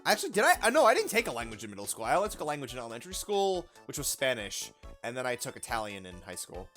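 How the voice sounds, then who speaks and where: A woman's voice: rumbling low, huge pitch swings, rapid-fire, fairly bright tone, soft background music. A young adult woman chatting casually while streaming a game, rambling and reading game lines aloud. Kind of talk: casual let's-play commentary.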